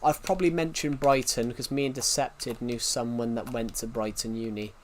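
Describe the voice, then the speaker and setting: A man's voice: mid-range voice, fairly even intonation, normal speed, a little hiss or hum. A young British man in his twenties chatting casually on a live stream, rambling with many restarts and questions to his viewers. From United Kingdom. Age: 20s.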